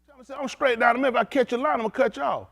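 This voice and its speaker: A man preaching a sermon as pastor, telling stories with lively calls out to his congregation. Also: very high voice, rapid-fire, gravelly, no room sound.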